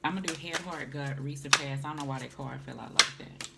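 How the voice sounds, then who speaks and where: A woman's voice: extremely low pitch, fast talker, vocal fry. A woman, doing a casual tarot reading and calling the listener honey and baby. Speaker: tarot reader. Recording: noisy home recording.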